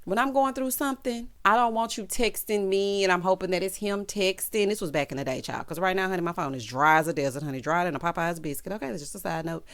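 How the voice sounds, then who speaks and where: A young adult woman giving a sassy, animated recap of a TV episode, tossing in "child" and "honey". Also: on the low side, quick pace, hardly any pauses. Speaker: TV recap vlogger. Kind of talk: casual TV recap commentary.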